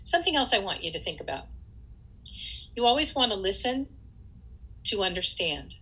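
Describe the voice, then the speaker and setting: A woman coaching people through divorce, speaking calmly and repeating her key points. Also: mid-range voice, normal speed, husky, low-quality recording. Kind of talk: spoken advice talk.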